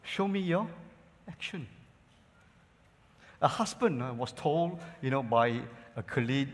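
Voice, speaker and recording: A male pastor preaching a sermon, calling his listeners "church" and using many "you know" fillers. He moves between loud, emphatic lines and quiet asides. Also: mid-range voice, expressive, unhurried, big-room sound.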